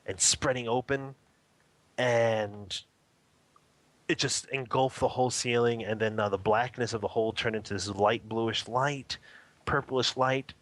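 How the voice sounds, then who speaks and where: A man's voice: mid-range voice, no echo. A man, a spiritual teacher, telling a personal story in a radio interview, earnest and vivid, often rephrasing as he describes what he saw.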